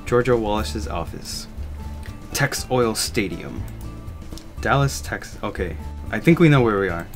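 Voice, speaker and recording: Laid-back man with a low voice. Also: animated, unhurried, faint music behind. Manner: laid-back with soft laughs. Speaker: guest player. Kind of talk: casual chat.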